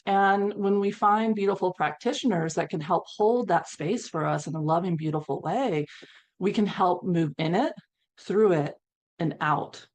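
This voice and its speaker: Woman on a healing panel, lowish voice, tells her story with lots of feeling and acted-out quotes. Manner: animated storyteller, acts out quotes, laughs between lines. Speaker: panelist, equine-assisted healer.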